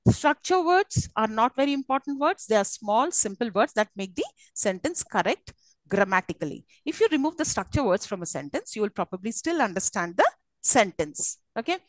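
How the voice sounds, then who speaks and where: A woman with a fairly high voice lectures a class on English, pausing often to ask whether her students follow. The sound is close and dry, with no room echo. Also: big pitch swings. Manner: teacherly, checks understanding often.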